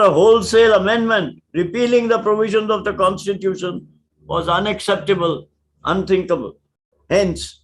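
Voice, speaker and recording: Older man, formal law lecture, deliberate pacing, leans on key words, fairly high pitch. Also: a bit bright. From India. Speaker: senior advocate giving a lecture.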